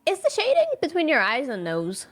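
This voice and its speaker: A Canadian woman teases her friend during a casual game stream. Her voice is high and bounces animatedly up and down, and she laughs easily. Faint music sits in the background. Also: huge pitch swings, brisk. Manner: teasing, laughing, playful. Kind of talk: casual chat while gaming.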